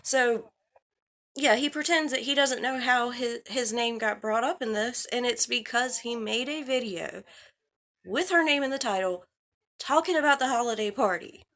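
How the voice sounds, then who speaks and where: A woman with a slightly high voice delivers a casual vlog commentary. She sounds heated and exasperated, swearing freely and addressing the person she is criticising directly. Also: normal speed, a bit bright. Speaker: drama commentary vlogger.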